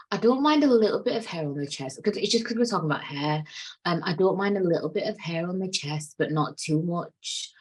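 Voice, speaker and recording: A woman's voice: low voice, darkish tone, slightly rough, poor audio. A woman in her late twenties hosting a solo podcast, chatting candidly and rambling, swearing freely. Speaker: podcast host. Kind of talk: casual solo podcast chat.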